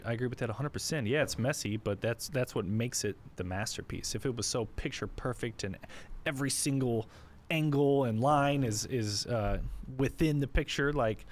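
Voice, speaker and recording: A man's voice: medium pitch, a little mellow. Upbeat, affirming male podcast co-host. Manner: easygoing, upbeat and affirming, quizzes his co-host. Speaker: co-host of a real estate investing show. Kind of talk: casual podcast chat.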